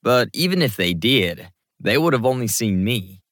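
A man's voice: medium pitch, normal speed, dry recording, studio quality. A man reading an audiobook, voicing a teasing, affectionate young man who jokes easily. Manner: joking, relaxed.

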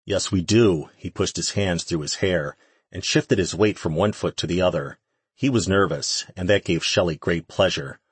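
A man narrating a fantasy audiobook in a steady, even reading. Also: low voice, moderate pace, slightly rough, no echo. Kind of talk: scripted narration.

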